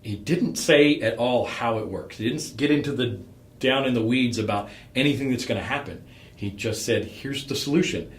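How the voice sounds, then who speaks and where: A man giving a relaxed, rambling critique of a startup pitch as a coach. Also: normal speed, roomy sound. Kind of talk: conversational critique.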